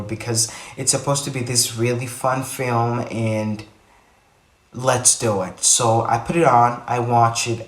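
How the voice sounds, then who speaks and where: A man vlogging to the camera in casual chat, rambling and repeating himself with animated bursts. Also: mid-range voice, fairly quick. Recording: echoey room, a bit far from mic.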